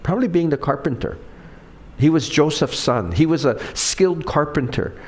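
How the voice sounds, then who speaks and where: In a conversational sermon, a middle-aged male pastor questions his congregation and acts out quoted lines in different voices. He speaks expressively at a moderate pace, his voice a little high.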